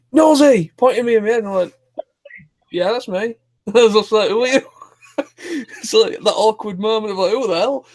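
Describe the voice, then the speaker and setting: A man hosting a live stream, chatting casually and rambling with many restarts. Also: high voice. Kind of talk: casual chat.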